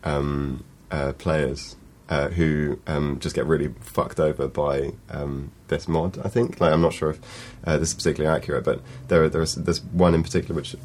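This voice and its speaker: A man chatting on a panel, telling an anecdote in a halting way with many fillers. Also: extremely low pitch, flat delivery, darkish tone, slight background noise. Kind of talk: casual panel chat.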